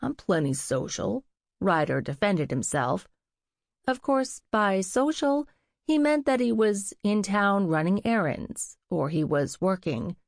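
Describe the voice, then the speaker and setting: Woman reading an audiobook, steady and even, kinda gravelly, dry studio sound. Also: medium pitch, slow, no room sound. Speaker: audiobook narrator. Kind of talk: scripted narration.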